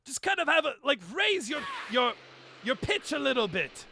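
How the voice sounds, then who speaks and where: A man's voice: extremely high pitch, sing-song, normal speed, gravelly, sharp tone, shouting, soft background music. A man streaming live, chatting casually and rambling about doing character voices. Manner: chatty, rambling with many fillers and restarts. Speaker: livestreamer.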